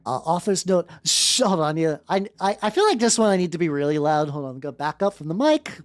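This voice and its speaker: A woman's voice: on the low side, expressive, a little fast, no echo. A woman streamer reading a story aloud in a rambling, giggly way, often cutting herself off. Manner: rambling, self-interrupting, giggly. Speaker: VTuber streamer. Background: faint background music.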